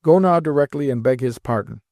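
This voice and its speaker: A man's voice: mid-range voice, normal speed, mellow, dry recording, studio quality, natural voice. A man voicing a proud, stern old grandmother who scolds her grandson with emphatic, imperious words.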